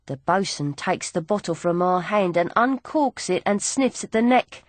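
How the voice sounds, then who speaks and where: A woman reading a first-person audiobook, telling it in a lively voice with a working-class turn of phrase. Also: on the low side, normal speed, no room sound. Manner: lively dialect storytelling, working-class grammar. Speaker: audiobook narrator.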